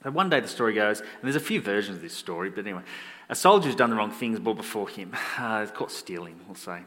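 A man's voice: fairly low pitch, fast. Man preaching casually in a reverberant hall. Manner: conversational, self-deprecating, animated when quoting. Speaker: pastor. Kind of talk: sermon storytelling.

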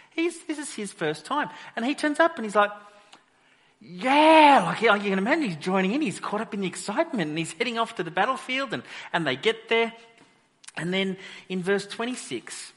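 A pastor preaching a sermon, telling the story with animated energy and acting out the characters. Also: male voice, high voice, big-room sound. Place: church hall.

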